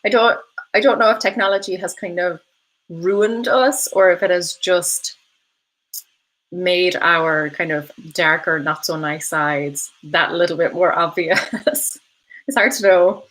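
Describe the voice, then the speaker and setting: A woman in her thirties hosts a live stream and talks through viewer comments in a loose, chatty way. Her voice sits a little low for a woman. She fills her pauses with ums and laughs easily. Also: steady tone, a bit bright, poor audio. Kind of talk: casual live-stream chat.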